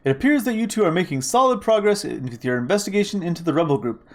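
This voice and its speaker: A man's voice: sits high, animated, fast talker, faint music behind, pitched above the performer's own voice. A man voicing a smug, meddling male bird official in a game reading, prim and mock-polite.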